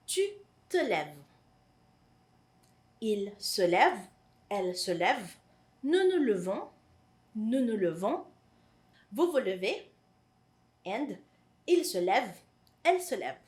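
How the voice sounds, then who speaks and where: A woman's voice: mid-range voice, big pitch swings, slow pace, pauses often, darkish tone. A woman with a Filipino accent teaching a French grammar lesson, patiently repeating each French phrase and translating it. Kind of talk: online language lesson.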